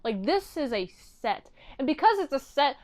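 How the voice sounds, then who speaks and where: A woman giving a casual recap and review of a TV episode, chatty and animated, often slipping into quick impressions of the characters. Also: high-pitched. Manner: animated retelling, acting out characters' lines; chatty, peppered with "like".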